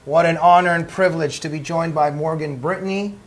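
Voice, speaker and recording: A male talk show host moderating a studio panel chat in a teasing, brisk manner. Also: on the high side, fairly even intonation. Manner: teasing, quick to laugh, brisk segment moderation.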